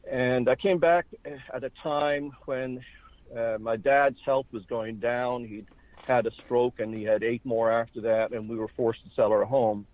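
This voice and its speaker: A man's voice: medium pitch, fairly even intonation, unhurried, dry recording. Man in his 60s on a phone line. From Ireland. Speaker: interview guest. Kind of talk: recounting his life story. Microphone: telephone. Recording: dry tinny phone line.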